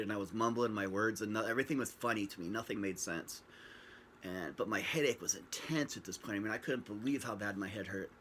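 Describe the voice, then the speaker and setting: A man's voice: on the low side, a bit bright, a little hiss or hum. A man telling his own story casually to a camera at home, rambling and joking, acting out what people said. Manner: rambling, joking, acts out quoted dialogue. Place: at home, facing a screen camera. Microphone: built-in camera mic.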